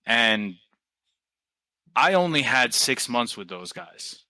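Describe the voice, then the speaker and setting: Bright-voiced New man telling stories. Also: mid-range voice, slow, no echo, rough recording. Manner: relaxed, animated storytelling with casual swearing. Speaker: podcast guest, team coach. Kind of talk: casual interview storytelling.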